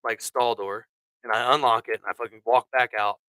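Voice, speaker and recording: Animated, foul-mouthed man telling stories. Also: medium pitch, fairly quick, smooth, no room sound, poor audio. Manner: crude, animated storyteller who swears a lot. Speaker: podcast host. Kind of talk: casual storytelling chat.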